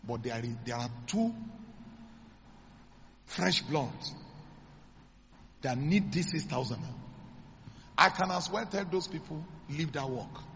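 Nigerian pastor telling a story in a hall. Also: male voice, expressive, slow pace, pauses often, fairly bright tone, muffled recording, a little hiss or hum. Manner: dramatic storytelling, acting out dialogue with sudden high exclamations. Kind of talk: sermon storytelling.

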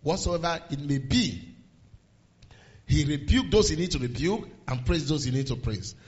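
A man preaching a sermon, swinging from low murmurs to raised exhortations and quoting scripture in old-fashioned phrasing. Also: expressive, moderate pace, lo-fi sound. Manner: quotes scripture in King James phrasing.

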